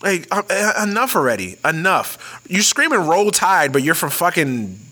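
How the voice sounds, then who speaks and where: A male podcast host talking sports in a loose, profane rant, often stumbling over his words and restarting. His voice is bright and forceful, sitting fairly high for a man. His pitch swings widely as he gets worked up. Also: very animated, moderate pace. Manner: profane, ranting, many restarts. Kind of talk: casual sports chat.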